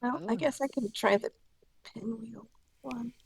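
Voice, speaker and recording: Female player, gravelly fry in the voice, casual table chat, hesitant and joking. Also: fairly high pitch, fairly even intonation, normal speed, dry recording. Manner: joking, hesitant, self-correcting.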